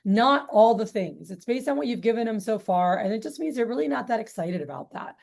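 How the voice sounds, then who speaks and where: A woman's voice: on the high side, lively intonation, brisk, vocal fry, a little mellow. Chatty woman sales trainer telling a story. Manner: chatty, lots of fillers and restarts, quotes people.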